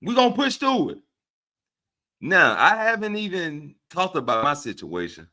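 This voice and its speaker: Animated Southern man talking to his chat. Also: fairly high pitch, a little slow. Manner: animated and preachy, often asks "right?" of listeners. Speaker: livestream host. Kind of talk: casual livestream talk to chat.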